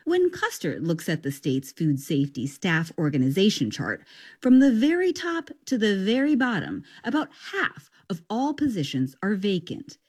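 A woman news reporter reads a scripted radio story in a measured broadcast manner. Her voice is lively in pitch and slightly husky.

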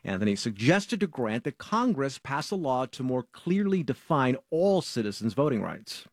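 A man's voice: mid-range voice, very animated, normal speed, no echo, clean studio sound. A man hosting a radio news segment, reading scripted narration.

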